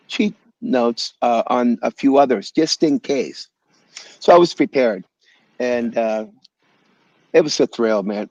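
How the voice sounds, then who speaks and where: A man being interviewed as a guest musician over a video call, telling animated stories in a loose, slangy way and calling people "man" and "bro". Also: medium pitch, no room sound. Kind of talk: casual storytelling interview. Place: home in Los Angeles area.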